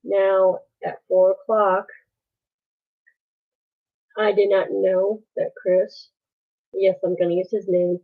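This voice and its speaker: A woman telling a painful story on a live stream, halting and pausing as she goes. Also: mid-range voice, level tone. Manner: halting, with many pauses and restarts. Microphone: phone. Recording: tinny phone-like sound.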